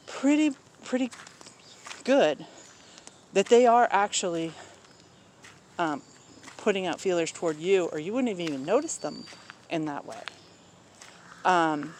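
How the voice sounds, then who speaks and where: A man talking casually and candidly about his personal life, rambling with many pauses and blunt asides. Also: high voice. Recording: faint outdoor noise with crickets.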